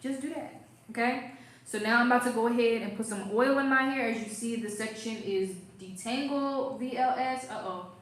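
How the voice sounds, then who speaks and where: A woman's voice: fairly high pitch, normal speed, roomy sound, low-quality recording. A young woman hosting a casual hair care livestream, playful and chatty, reading viewer comments as she goes.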